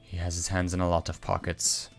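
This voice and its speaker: Guy voicing a stern councilwoman, low voice, commanding, music faint behind. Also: monotone, brisk, creaky. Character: stern middle-aged female councilwoman.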